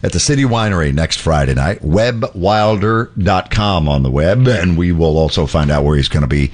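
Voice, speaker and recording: Male morning radio host, low-pitched, animated delivery, jokey. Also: moderate pace. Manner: jokey, laughs often, reads ad copy. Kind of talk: casual radio chat. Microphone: studio microphone.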